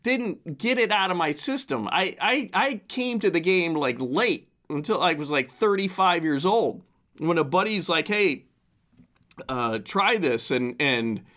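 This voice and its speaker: Hoarse man in his fifties, rambling podcast host, fairly high voice, swooping lively pitch, desk mic. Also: unhurried. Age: 50s. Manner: rambling, with many restarts. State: hoarse, recovering from flu. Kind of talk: casual solo podcast monologue.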